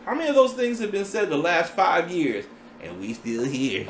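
A man preaching a sermon in a playful, animated way, acting out voices as he teaches. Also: sits high, normal speed, vocal fry, echoey room, slight background noise.

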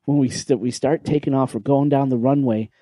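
A man co-hosting a podcast, telling a story in a casual, animated way, swearing and acting out what people said. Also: mid-range voice, brisk, dry recording. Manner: animated, swearing, acts out quoted lines. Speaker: podcast co-host. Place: podcast recording room.

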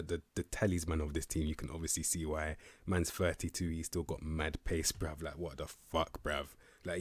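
A man's voice: sits low, a little mellow, no echo. A young man, casually commenting on a football management game in heavy slang. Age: young adult. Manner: slangy, laid-back, swears casually. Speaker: gaming youtuber.

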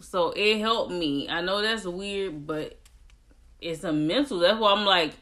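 A young adult woman talking casually to her viewers in a vlog, chatty and animated, slipping into whiny quoted voices when retelling. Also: mid-range voice, slow pace. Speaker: vlogger.

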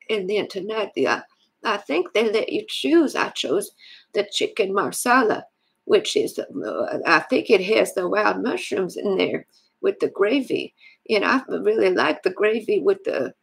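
A woman voicing a lonely, soft-hearted grandmother in a phone prank, rambling and stammering with a creaky, husky old voice. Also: medium pitch, heavily acted, rough recording. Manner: rambling, stammering, fond of detail. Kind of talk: scam-baiting phone prank.

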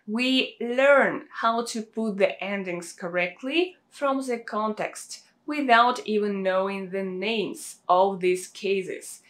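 A native Russian-speaking woman in a language lesson, speaking at an unhurried, measured pace. Her pitch sits in an ordinary middle range, and she repeats example phrases with deliberate stress. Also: fairly bright tone.

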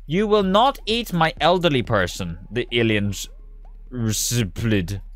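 Animated man reading absurd fill-in stories. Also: medium pitch, no echo. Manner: animated, breaks into laughter, rushes asides. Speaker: streamer. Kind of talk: reading silly fill-in-the-blank stories aloud.

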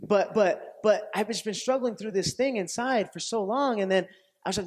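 A man preaching a sermon as pastor, telling stories with lively acted-out quotes and frequent laughter, often restarting phrases and checking with his audience. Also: sits high, moderate pace. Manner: animated storytelling, acts out quoted voices, laughs often; repetitive restarts, asks audience questions.

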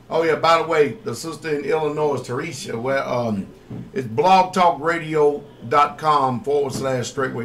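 A man's voice: medium pitch, normal speed, gravelly, a bit bright, distant mic, a little hiss or hum. A man hosting a call-in radio ministry as pastor, speaking with a fervent preacher's cadence.

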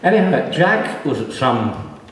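A man's voice: mid-range voice, big pitch swings, measured pace, slight background noise. Older male author, dry self-deprecating storyteller, live in a very echoey hall. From Northern Ireland. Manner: dry self-mocking humour. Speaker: author at a book launch. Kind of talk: anecdotal talk to an audience. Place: library hall with an audience.

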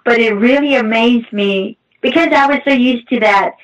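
A middle-aged woman giving a halting, emotional personal testimony as a guest, with many restarts. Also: fairly high pitch. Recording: muffled distant mic.

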